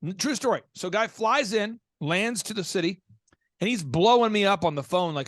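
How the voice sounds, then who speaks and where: Brisk male podcast host, high-ish voice, dry close mic. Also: no room sound. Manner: acts out quoted voices, fast and energetic. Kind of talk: animated storytelling.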